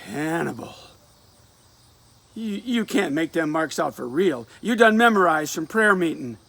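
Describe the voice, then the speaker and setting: A man's voice: a little high, sing-song, unhurried, gravelly, a bit bright, dry recording, heavily acted. A man voicing an anxious young woman who scolds and fears for her sweetheart, in a dramatic reading of a play with rural dialect. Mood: urgent, scolding.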